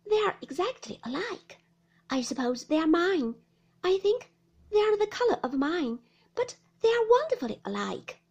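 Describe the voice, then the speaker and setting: A woman voicing a gentle, timid young mother in a storybook reading, soft and meek. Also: high voice, big pitch swings, takes it slowly, lo-fi sound, voice pushed up, exaggerated voice.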